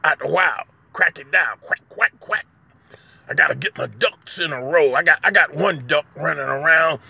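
A man's voice: fairly high pitch, normal speed, vocal fry, sharp tone, breathy edge, no room sound. A man, rambling through a comedic monologue and chuckling between phrases. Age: 60s. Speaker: poet and comedy vlogger.

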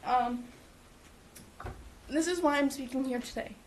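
A teenage girl stands up at a school board meeting and speaks with feeling, nervous and close to tears. Her voice sits high. A faint hum of the room runs underneath. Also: measured pace. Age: teens. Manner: emotional and nervous, apologizing, laughing through tears. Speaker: student speaker at public comment. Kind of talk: public comment at a school meeting.

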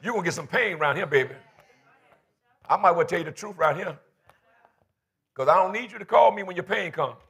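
A man's voice: sits high, lively intonation, brisk, vocal fry, pauses often, fairly bright tone, slightly rough. A man in his fifties preaching a fervent, folksy sermon in church, calling for responses from the congregation. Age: 50s. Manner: colloquial, folksy phrasing. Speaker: pastor.

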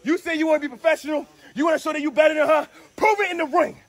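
A man's voice: very high voice, fairly even intonation, racing, dry recording. A man acting as wrestling promoter, commanding two rivals and booking their match. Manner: commanding, breaks up the fight.

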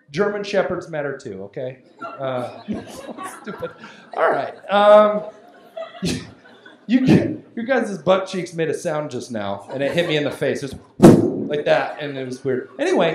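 A man doing live stand-up comedy, chatty and animated, bantering with the audience. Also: high-pitched. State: winded from yelling. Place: large hall at a benefit show. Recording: echoey hall, noisy crowd.

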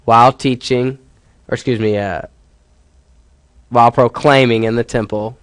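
A man's voice: medium pitch, fairly even intonation, normal speed, pauses often, clean tone, no room sound. A male professor giving a classroom lecture, explaining step by step and putting questions to his students.

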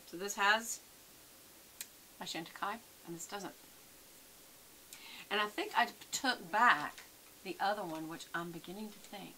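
A chatty woman talks straight to her viewers as she tests makeup at home. Her voice is bright and clear, with a faint hiss in the background. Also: mid-range voice, poor audio. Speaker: beauty vlogger. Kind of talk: casual chatty makeup vlog.

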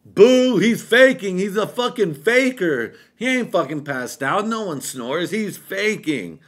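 A loud, jeering young man scoffs in scornful accusation, as a man puts him on. The voice is pushed higher and louder than an everyday speaking voice, and the tone stays dismissive. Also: lively intonation, unhurried. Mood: scoffing.

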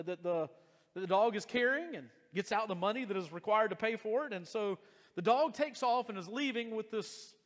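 An earnest male pastor preaching in a high, light voice that often restarts phrases and stretches key words. His voice rings with the long reverb of a church hall. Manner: earnest, repeats and restarts phrases, slows for emphasis. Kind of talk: sermon. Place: church sanctuary.

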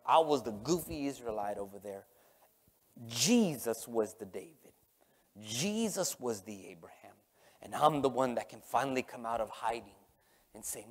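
A man preaching as pastor, impassioned and emotional, with a Texan accent, his voice dropping to a hush and then rising. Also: medium pitch, normal speed. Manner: impassioned, swinging from hushed to loud. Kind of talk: emotional sermon. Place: large church sanctuary. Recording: long hall reverb.

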